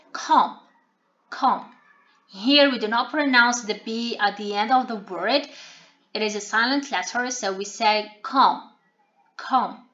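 A woman with a fairly high voice works through a vocabulary lesson. She says each word three times at a very slow, careful pace. The recording is a little dull and lo-fi. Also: pushed and bright. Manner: explains pronunciation plainly. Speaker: language teacher. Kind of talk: vocabulary lesson, repeating words.

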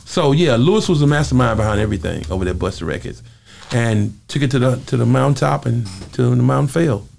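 A man with a deeply gravelly voice tells stories from his career at a quick clip. His delivery is animated and conversational. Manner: animated storyteller, acts out quoted voices. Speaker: interview guest, former singer. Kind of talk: casual storytelling interview.

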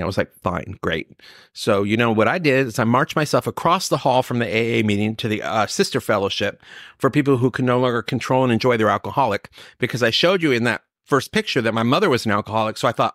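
Man, older, from California, personal recovery story, dry close sound, animated storyteller. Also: lowish voice, no room sound. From Sacramento, California. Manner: storytelling, animated, quoting others. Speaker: recovery speaker.

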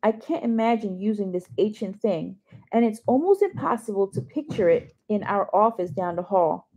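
A woman's voice: medium pitch, lively intonation, normal speed, dark tone, breathy edge. A woman reading a novel chapter aloud in first person, adding chatty asides to her listeners. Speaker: reader.

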